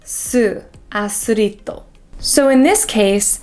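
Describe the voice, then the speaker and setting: An American-accented woman coaches pronunciation at a very slow, deliberate pace, repeating each word again and again. Her voice sits fairly high. Soft music plays quietly under her. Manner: slow, careful drilling with repeated words. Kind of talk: pronunciation lesson.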